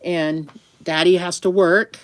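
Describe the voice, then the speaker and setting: A woman vlogger chats to camera in a rambling way, laughing often and speaking affectionately to her dog between remarks. Her lowish voice is slow with fairly even intonation, and there's no room sound.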